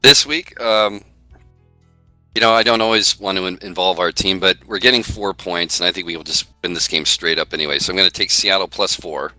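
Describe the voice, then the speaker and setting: A man giving betting picks on a fan podcast, talking in a halting way with many fillers. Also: deep voice, bright, forceful tone, dry recording, poor audio. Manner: halting, lots of fillers and restarts. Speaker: podcast stats segment host. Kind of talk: casual podcast chat. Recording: dry with faint music.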